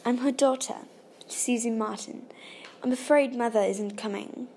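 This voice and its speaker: A woman's voice: fairly high pitch, a little slow, a little mellow, a little hiss or hum. A woman reading an audiobook and voicing an anxious, polite adult woman who speaks formally. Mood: uneasy. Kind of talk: audiobook character voice.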